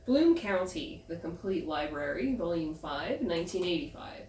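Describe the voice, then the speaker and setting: A woman announcing a list of titles in a flat, deliberate way. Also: on the low side. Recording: echoey and distant from mic.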